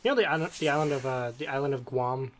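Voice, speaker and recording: Speaking fast at a medium pitch, a man co-hosting a podcast wanders loosely between topics in casual conversation. There's a slight hiss or hum in the audio, and his storytelling is rambling and full of digressions.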